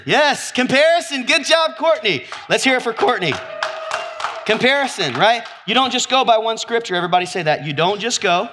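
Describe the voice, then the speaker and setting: Lively high-voiced animated male preacher. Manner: exuberant, acts out scenes with whoops and laughter. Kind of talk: animated sermon with audience call-and-response.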